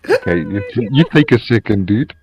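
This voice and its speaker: A man's voice: on the low side, wildly swooping pitch, brisk, over music. A man playing a tabletop game, describing his character in a dry, laconic way over a dull lo-fi mic. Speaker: player. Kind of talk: casual tabletop game play.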